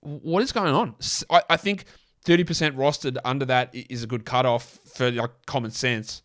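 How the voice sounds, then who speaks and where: A man's voice: medium pitch, a little fast, fairly bright tone. Australian male podcast host, mid-range voice, blunt and rambling, casual and profane. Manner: blunt and chatty, swears freely, rambles. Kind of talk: casual fantasy sports podcast talk.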